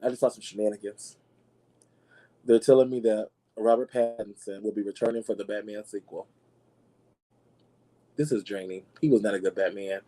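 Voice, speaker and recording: Sassy, mellow-voiced talk show host. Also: male voice, on the low side, moderate pace, husky, rough recording. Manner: sassy, animated, addresses listeners as y'all. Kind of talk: casual gossip commentary.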